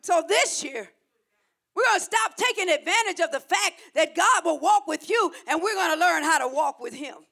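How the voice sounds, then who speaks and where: Woman preacher, sermon; gravelly, emphatic, repeats lines for the crowd to echo. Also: very high voice, lively intonation, normal speed, a bit bright. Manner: emphatic, repetitive call-and-response preaching.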